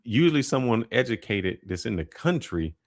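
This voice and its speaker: A man calmly explaining a point in a casual debate. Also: mid-range voice, normal speed.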